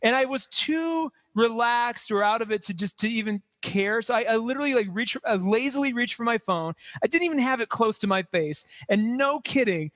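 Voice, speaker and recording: A man co-hosting a podcast, chatting casually about tech as an animated, rambling storyteller. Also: very high-pitched, brisk, hardly any pauses, no echo. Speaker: podcast co-host.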